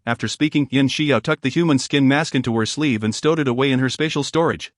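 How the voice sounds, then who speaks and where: A man narrating a story recap in a smooth, even reading without pauses or slips. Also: mid-range voice, no room sound, studio quality.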